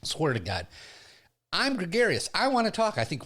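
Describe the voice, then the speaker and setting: A middle-aged man hosting a studio chat, telling a comic story in a gregarious, animated way. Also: a little fast. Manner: animated, gregarious storyteller, big pitch swings. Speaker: podcast host and comedian.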